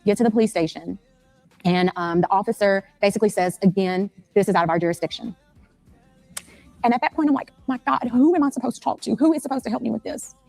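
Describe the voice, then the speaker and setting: A mother telling her story in an interview, retelling events rapidly and anxiously and acting out phone calls. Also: mid-range voice, creaky, darkish tone, no room sound, faint music behind.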